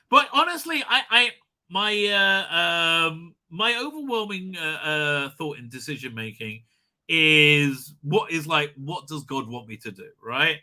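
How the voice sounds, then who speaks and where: A man's voice: on the high side, expressive, a little slow, pushed and bright. A man hosting a casual live stream from home, reading out viewer comments, rambling and stammering and laughing often.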